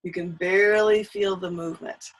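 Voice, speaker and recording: A woman's voice: fairly low pitch, fairly even intonation, moderate pace, low-quality recording. A woman teaching a singing lesson, giving patient step-by-step cues on breathing and an open throat.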